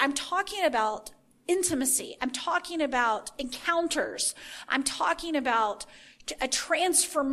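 A woman with a somewhat high voice gives an informal sermon as a podcast host. She talks earnestly, builds emphasis through repeated phrases and thinks aloud as she goes. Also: a bit bright. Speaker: podcast host teaching the Bible.

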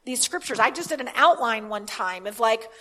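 A woman preaching a sermon, reading scripture aloud and then explaining it in a halting, conversational way. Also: on the high side, expressive, fairly bright tone. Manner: halting, with many restarts and fillers; reads scripture aloud with emphasis.

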